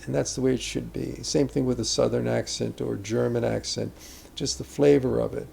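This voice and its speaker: A man's voice: medium pitch, fairly even intonation, fairly quick, creaky, darkish tone, slight background noise. An older man, an acting teacher, speaking reflectively about character in a conversational interview, rambling with asides and restarts.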